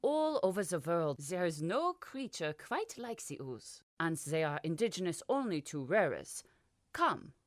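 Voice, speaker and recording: A woman's voice: lowish voice, big pitch swings, measured pace, dry recording, clean studio sound. A woman voicing a curt, dismissive middle-aged male professor in an audiobook.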